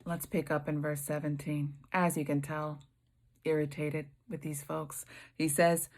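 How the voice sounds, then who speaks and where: A woman teaching a Bible study, reading scripture aloud and commenting with emphatic, expressive reactions. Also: low-pitched, a little slow.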